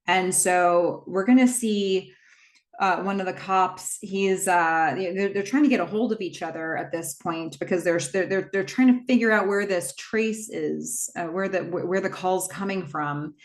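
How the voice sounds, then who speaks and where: A woman hosting a casual horror movie recap, retelling the plot in a chatty way with quick asides. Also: fairly low pitch.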